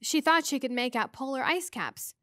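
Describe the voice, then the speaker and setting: A woman teacher reading a novel aloud to students with expressive, measured storytelling. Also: sits high, no room sound, studio quality.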